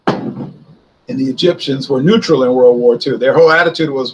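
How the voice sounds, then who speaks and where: Husky-voiced man musing on history. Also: mid-range voice, fairly quick, lo-fi sound. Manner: conversational, poses and answers his own rhetorical questions. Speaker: history video host. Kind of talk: casual spoken history commentary.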